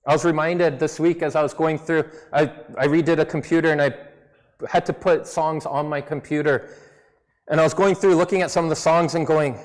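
A man's voice: a little high, steady tone, a little fast. A man preaching a sermon in a conversational, self-deprecating way, with a slight non-native English accent. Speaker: pastor. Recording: long reverb of a church hall.

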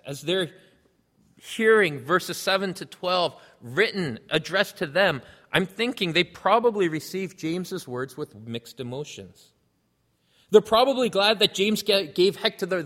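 Male pastor, earnest teaching sermon, higher voice, reverberant hall sound. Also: a bit bright. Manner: earnest, explanatory, reads scripture aloud.

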